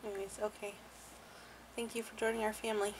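A woman's voice: medium pitch, level tone, quick pace, background noise. Giggly young woman chatting at home. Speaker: family vlogger. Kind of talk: casual chat.

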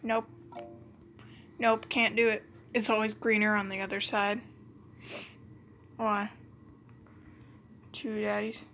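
A woman's voice: medium pitch, level tone, takes it slowly, long pauses, fairly bright tone, slight background noise. A woman hosting a game video, reading cards aloud in a playful, giggly way with muttered asides. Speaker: gaming channel host. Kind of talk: let's play commentary, reading cards aloud.

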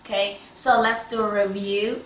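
A woman teaching Mandarin in non-native English with a Chinese accent, patient and slow, with many soft "mm"s. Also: mid-range voice, flat delivery, a little hiss or hum. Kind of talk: one-on-one online lesson. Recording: echoey room, voice from a distance.

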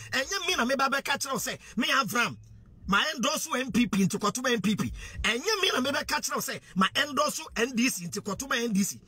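A man's voice: very high-pitched, bright, forceful tone, husky, no echo. A man with a Ghanaian accent delivering an impassioned monologue to camera. He preaches, repeats himself and fires off rhetorical questions, switching freely between Twi, English and pidgin. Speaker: social media commentator.

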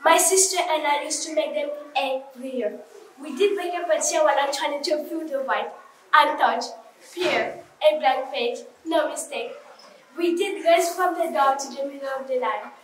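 A woman's voice: sits high, moderate pace, a little hiss or hum, close to an everyday voice. A young woman acting a girl recalling childhood snow angels in a nostalgic stage monologue. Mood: wistful. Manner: nostalgic, storytelling. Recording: echoey hall from far off.

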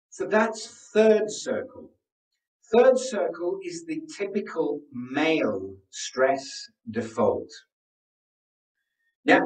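A man teaching a live online workshop as a presentation coach, coaching and often asking the audience questions. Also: high voice. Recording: roomy sound, distant from the mic.

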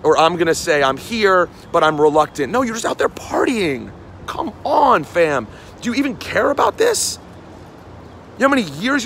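New dude in his 40s ranting hard while walking down a city street, kinda high voice, faint traffic hum behind. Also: vocal fry, fairly bright tone. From New York City. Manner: heated, scolding, repeats lines for emphasis. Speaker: radio host. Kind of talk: angry street rant to camera.

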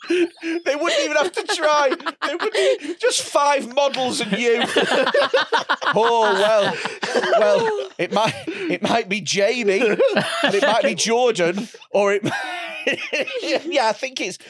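A man's voice: very high-pitched, very animated, slow pace, a bit bright, a little hiss or hum. A man hosting a comedy podcast, chatting casually with sweary jokes. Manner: joking, sweary, laughing asides. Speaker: podcast host.

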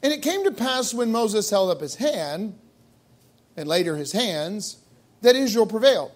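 High-voiced pastor preaching a sermon. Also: male voice, very animated, measured pace. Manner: emphatic preaching with rhetorical questions. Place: church sanctuary.

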